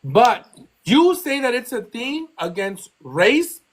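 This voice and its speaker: A woman's voice: on the high side, big pitch swings, takes it slowly. A woman from Texas, hosting a live call and defending herself, repeating points and talking over the other speaker. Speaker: live stream host. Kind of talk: heated argument on a live call.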